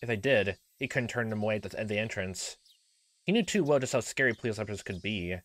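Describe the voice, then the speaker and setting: A man's voice: fairly low pitch, lively intonation, fast talker, fairly bright tone. A man reading a visual novel aloud with restarts and joking asides, in a middling voice. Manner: reads with restarts, laughs into asides. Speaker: let's play narrator.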